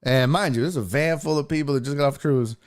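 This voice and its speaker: A man hosting a sports talk show, telling a story in a heated, profane, animated way. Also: medium pitch, fast. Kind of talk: casual storytelling.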